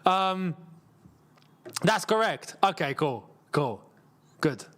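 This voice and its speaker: A young man from England hosting a live football watchalong, reacting loudly to the match and chatting with viewers. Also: high voice, lively intonation, takes it slowly. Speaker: football channel host. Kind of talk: live watchalong commentary and chat.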